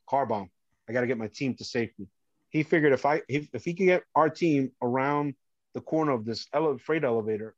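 A middle-aged man appears as a podcast guest, earnestly and animatedly telling a personal story and frequently acting out what other people said. His voice is medium in pitch, and the audio sounds dull with no room sound.

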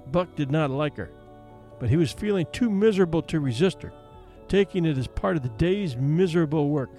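A man narrating a classic novel aloud with expressive storytelling. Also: fairly high pitch, a little fast, faint music behind. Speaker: audiobook narrator. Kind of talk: scripted narration.

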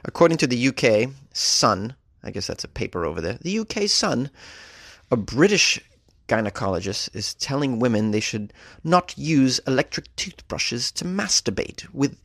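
A man's voice: medium pitch, creaky, fairly bright tone, no echo, studio quality. Wry, joking man hosting a news podcast. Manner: wry, joking, riffs on stories. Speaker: podcast host. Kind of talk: comedic news commentary.

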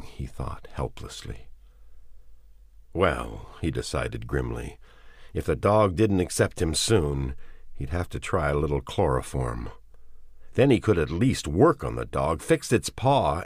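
Male audiobook narrator, extremely deep voice, measured and expressive, dry close sound. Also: breathy edge, no room sound. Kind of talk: dramatic audiobook reading.

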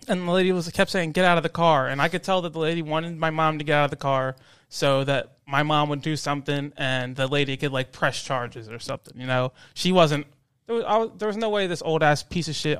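Man, podcast co-host, lively storyteller, acts out voices, smooth clear tone. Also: fairly high pitch, no room sound. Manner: animated storytelling, mimics voices. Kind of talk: casual podcast chat. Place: studio basement.

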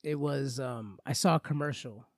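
A man's voice: mid-range voice, normal speed, no echo, clean studio sound. A man in his thirties co-hosting a casual podcast, teasing his friend and laughing often. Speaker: podcast co-host.

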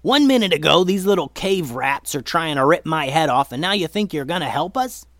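A man voicing a gruff, impatient warrior who growls and yells. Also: mid-range voice, normal speed, no room sound, clean studio sound, close to an everyday voice. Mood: angry. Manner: growling, yelling.

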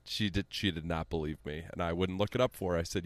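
A man co-hosting a casual sports podcast, goofy and joking, sometimes dropping into low mock-serious tones. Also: fast, no echo. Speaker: podcast co-host.

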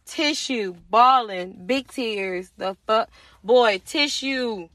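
A young woman hosting a podcast, telling a personal story in casual, profane, animated talk and acting out the other people's lines. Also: fairly high pitch, takes it slowly, no room sound. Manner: animated, profane, acts out quoted voices. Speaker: podcast host.

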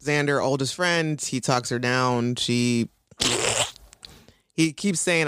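A woman co-hosting a casual chat that recaps a TV episode, animated, laughing often and swearing as she acts out the characters. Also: a bass voice, slow, clear, resonant tone, dry recording. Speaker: podcast co-host.

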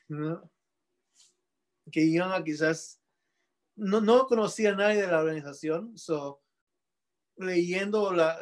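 A man from Peru, a guest answering reflectively, with frequent restarts and some English mixed in. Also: sits high. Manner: reflective, halting with many restarts. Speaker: sculptor guest. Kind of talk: interview answer.

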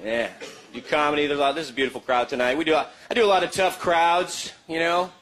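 High-voiced man doing stand-up comedy. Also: fast, slight background noise. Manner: animated, jumps into high mocking voices for characters.

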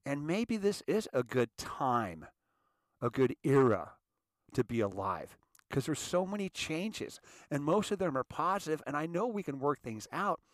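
An American man hosts his own show in a loose, rambling monologue full of restarts and repeated words. His voice sits on the high side and is very animated, though his pace stays measured, and the recording is dry with clean studio sound.

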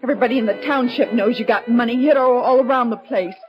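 An actress playing a frightened young wife held hostage, speaking in a pleading, anxious way. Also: female voice, on the high side, fast, close to an everyday voice. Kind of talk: vintage broadcast drama acting. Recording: lo-fi old recording with music.

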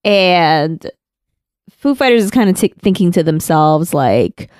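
A woman's voice: fairly low pitch, expressive, unhurried, darkish tone, clean tone, no room sound, studio quality. A woman co-hosting a casual chat about an anime, talking with many fillers and restarts and laughing often. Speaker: podcast co-host.

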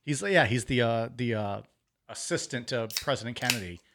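A man's voice: medium pitch, normal speed, fairly bright tone. A man co-hosting a podcast, bantering casually with profanity and rambling jokes. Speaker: podcast co-host.

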